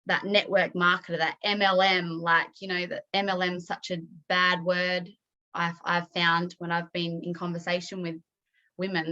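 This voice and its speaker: A woman in her thirties sharing emotionally on a group video call, halting with many ums and close to tears. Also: lowish voice, bright, forceful tone, muffled recording.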